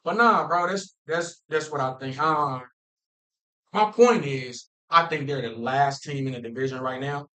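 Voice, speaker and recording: The recording is low quality, carrying a man's slightly high, bright voice with a forceful tone and an unhurried delivery. As a football fan vlogging, he rants casually and animatedly at his viewers, emphatic, repetitive and frequently restarting phrases.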